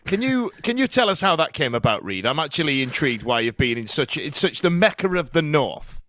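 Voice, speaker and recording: A man's voice: a little high, very animated, a little fast, a bit bright. A man from the south coast of England, co-hosting a podcast and asking friendly, chatty questions. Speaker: podcast co-host. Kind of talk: casual interview chat.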